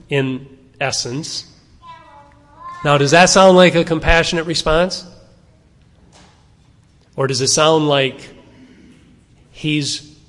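Male preacher, fairly high voice, talks it through with the room, long hall reverb. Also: fairly bright tone. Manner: conversational, asking the listeners questions. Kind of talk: expository Bible teaching.

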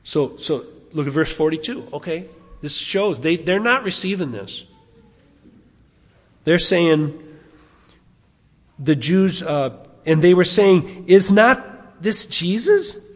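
A man preaching a sermon, animated, asking his congregation rhetorical questions. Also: fairly high pitch, slow pace, long pauses, in a large hall. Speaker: pastor.

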